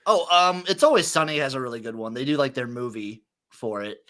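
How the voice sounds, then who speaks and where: A man's voice: medium pitch, fairly quick, fairly bright tone. Laid-back man hosting a podcast. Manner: laid-back, swears casually. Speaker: podcast host. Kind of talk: casual chat.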